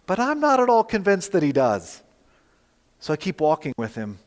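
A man preaching a sermon, telling a personal story in a relaxed, conversational way while advancing slides. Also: a little high, normal speed. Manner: storytelling, conversational, animated in quoted dialogue. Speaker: pastor. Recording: long hall reverb.

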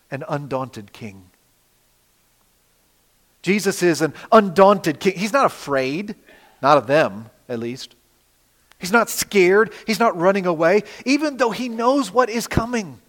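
A man preaching a sermon, dramatic, with rhetorical questions, swinging between loud emphasis and quiet asides. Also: high voice. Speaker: pastor. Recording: long reverb of a hall.

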